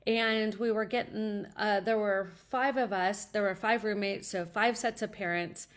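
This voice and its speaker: A woman's voice: mid-range voice, steady tone, measured pace. A middle-aged woman, a college advisor, answering an interview question with earnest, upbeat personal stories.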